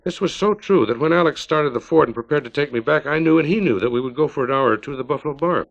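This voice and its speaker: Author-narrator, man in his fifties, plain measured storytelling, gravelly, dull 1950s record. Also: on the high side. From California.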